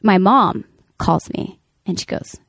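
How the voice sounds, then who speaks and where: A woman's voice: mid-range voice, slow pace, vocal fry, husky, no echo, studio quality. Woman telling a story with lots of fillers. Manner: animated, many fillers and restarts. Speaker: podcast co-host. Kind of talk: casual storytelling.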